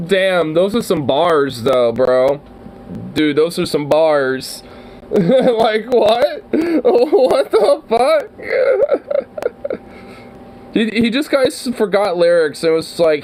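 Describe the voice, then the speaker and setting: A man's voice: sits high, sing-song, takes it slowly, darkish tone, slight background noise, rough recording. A young man hosting a reaction video, rambling and swearing in a slangy, laughing way. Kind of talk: casual reaction commentary.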